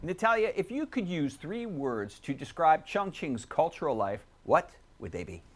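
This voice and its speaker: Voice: medium pitch, moderate pace, background noise. A show host asking a guest questions and narrating a cultural segment in a polished presenter style. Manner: lively, polished presenter delivery.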